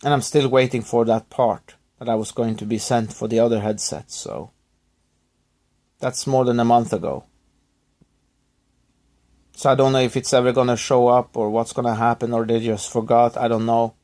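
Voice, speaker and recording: Male vlogger, subdued and halting, recovering from illness, apologetic in tone. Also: medium pitch, fairly even intonation, darkish tone. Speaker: YouTuber thanking subscribers. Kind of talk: rambling personal vlog.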